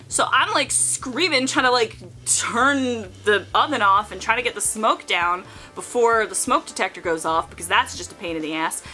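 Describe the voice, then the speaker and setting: A young woman in her twenties tells casual stories in a high, bouncy voice with a bright edge. She is animated and profane and jumps into little voices for the people she quotes. Soft music plays faintly under her. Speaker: vlogger. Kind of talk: casual storytelling.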